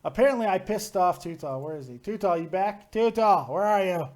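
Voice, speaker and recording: A man with a high-pitched voice hosts a loose call-in podcast, full of jokes and swearing. He ribs his guests and slips into a mock-soothing tone. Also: animated, a little fast, a little mellow. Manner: joking, profane, mock-soothing. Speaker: host. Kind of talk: casual live podcast banter.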